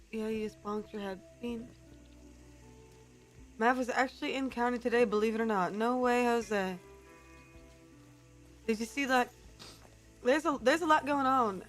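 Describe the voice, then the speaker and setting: A woman streamer chatting casually to her viewers, keeping up a put-on character accent, with lots of fillers. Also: fairly high pitch.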